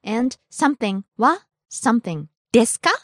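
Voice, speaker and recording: A woman's voice: fairly high pitch, very animated, normal speed, fairly bright tone, dry recording, clean studio sound. A woman teaching on a casual language podcast, giving short answers and modelling example phrases.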